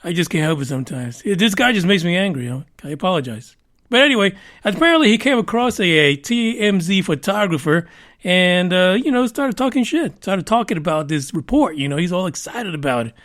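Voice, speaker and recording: A man's voice: high-pitched, lively intonation, brisk, fairly bright tone. A man hosting a podcast, giving rambling, profane and sarcastic commentary on the news. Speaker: podcast host. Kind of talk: casual news commentary rant.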